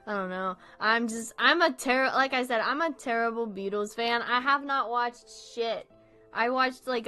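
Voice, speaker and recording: A woman's voice: on the high side, sharp tone. Giggly young woman chatting rambly. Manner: rambling, giggly, swears freely. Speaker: streamer. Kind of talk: casual chat.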